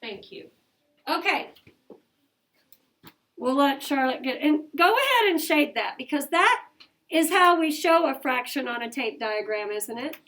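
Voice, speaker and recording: High-pitched lady teacher running a math class, quick, keeps asking the kids questions. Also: lively intonation, a bit bright. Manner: brisk, coaxing questions to the class. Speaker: elementary school teacher.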